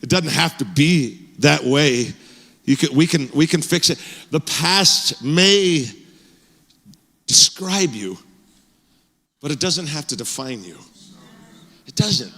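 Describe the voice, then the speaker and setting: Middle-aged male pastor, lively conversational sermon, slightly high, ringing church hall. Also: takes it slowly, gravelly, pauses often. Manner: animated, conversational, frequent fillers and restarts. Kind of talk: sermon with personal storytelling. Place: church sanctuary.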